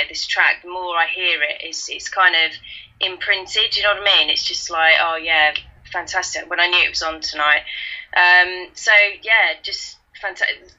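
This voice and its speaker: A woman's voice: on the low side, pushed and bright, muffled recording. A woman with a Kentish London accent co-hosting a radio show, chatting casually with lots of fillers. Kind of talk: casual on-air chat.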